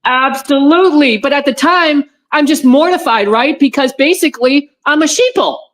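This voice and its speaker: A woman's voice: high voice, moderate pace. A woman guest in an interview, telling a personal story in a rambling way with many restarts and repeated words, on a video call. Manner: animated when recounting her friends' words.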